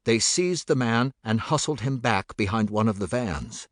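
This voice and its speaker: A man narrating a thriller audiobook in a measured, steady voice. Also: mid-range voice, dry recording, clean studio sound.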